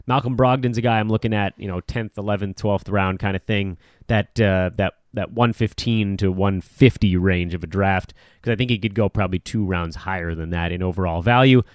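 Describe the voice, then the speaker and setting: A man's voice: sits low, a little fast, dry recording, clean studio sound. A middle-aged man hosting a casual sports podcast, rambling and self-deprecating as he chats. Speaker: podcast host.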